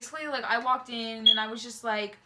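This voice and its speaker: A young woman vlogger telling a story in casual chat, gushing and excitable, with lots of "like" and some swearing. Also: on the high side, quick pace, heavy background noise.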